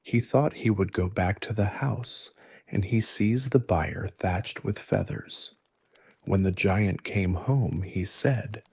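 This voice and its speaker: A man narrating a folktale in soft ASMR storytelling, hushed and soothing. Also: low voice, vocal fry, husky, dry recording. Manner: slow, hushed, soothing delivery.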